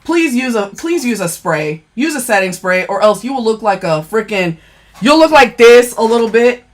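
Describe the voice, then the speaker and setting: Woman vlogger talking makeup, bit high voice, cusses a lot, keeps going "okay?". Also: lively intonation, normal speed. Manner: blunt, profane and emphatic, keeps saying "okay?". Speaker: beauty vlogger. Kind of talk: casual makeup product review.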